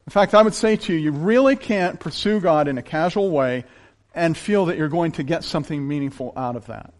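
A man preaching a sermon in a folksy, animated way, swinging between loud emphasis and hushed intensity. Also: a little high. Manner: folksy, uses plain down-home examples. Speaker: pastor.

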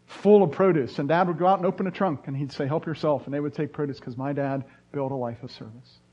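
A middle-aged man preaches a sermon, a little higher-pitched than most men. He tells stories with punchy rising bursts of emphasis. The recording sounds dull and lo-fi. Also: fast talker, darkish tone. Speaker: pastor.

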